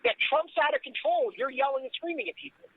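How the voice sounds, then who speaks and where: A man's voice: very high voice, quick pace. Blunt sarcastic man on a lo-fi line. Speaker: talk show host. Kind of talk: casual political talk. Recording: dull lo-fi recording.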